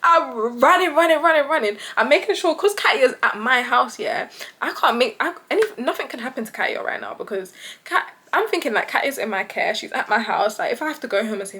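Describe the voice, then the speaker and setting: A young British woman tells her vlog audience a story at a fairly quick pace, staying animated throughout. She acts out the voices of the people involved, jumping widely in pitch for each quote.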